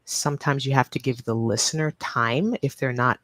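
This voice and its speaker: A woman's voice: very deep voice, moderate pace, fairly bright tone, no echo. A woman English teacher from New York with a neutral accent, speaking patiently in a live-stream lesson and repeating key points. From New York, United States.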